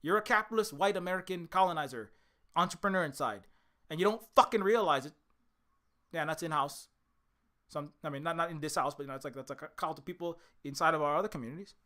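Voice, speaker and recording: An indie game developer ranting on a livestream, swearing a lot, swinging from loud shouting to low muttering, with strained vocal cords. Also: fast talker.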